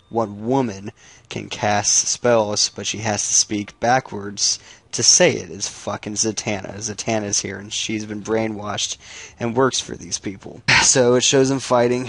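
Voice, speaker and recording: In a dry recording, a comic book recap YouTuber retells a comic's plot in a casual, spoken way. His voice is fairly low and fairly bright, and he swears freely and keeps restarting his sentences.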